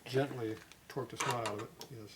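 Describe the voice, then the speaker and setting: A man's voice: mid-range voice, fairly even intonation, fairly quick. A man working as a motorcycle mechanic, talking casually in a dry, offhand, plainspoken way while rebuilding an engine in his shop. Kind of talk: casual shop talk during engine work. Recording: loud shop noise behind.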